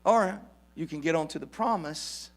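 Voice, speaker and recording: A man's voice: fairly high pitch, normal speed. A man in his fifties, a pastor, telling a personal story in a sermon, conversational at first and rising to emphatic preaching.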